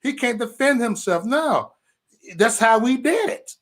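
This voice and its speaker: A man co-hosting a casual podcast chat, telling funny stories in an animated, joking manner. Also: extremely high pitch, a little slow. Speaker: podcast co-host.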